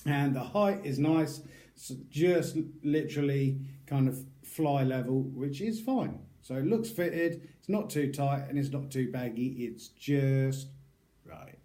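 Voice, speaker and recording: A man's voice: mid-range voice, slow, mellow. A middle-aged British man from the UK, giving a casual, rambling product review as a YouTube reviewer. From United Kingdom. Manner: chatty, rambling, loose and informal.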